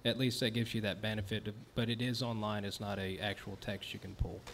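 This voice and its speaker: A man's voice: fairly low pitch, little pitch movement, fairly quick, creaky, fairly bright tone. A man at a casual dinner-table discussion, explaining something loosely. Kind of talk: casual panel chat over dinner. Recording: faint room noise, live stream.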